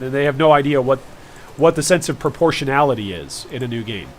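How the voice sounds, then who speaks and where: A man's voice: medium pitch, animated, fast talker. Chatty male game streamer. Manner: chatty, rambling, jokey asides to chat. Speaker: gaming streamer. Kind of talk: casual live-stream commentary.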